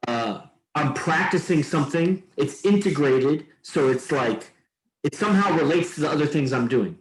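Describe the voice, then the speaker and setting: A man's voice: on the high side, animated, normal speed. A man hosting a podcast, talking loosely and meandering, swearing now and then. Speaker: podcast host. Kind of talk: casual rambling chat. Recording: roomy echo.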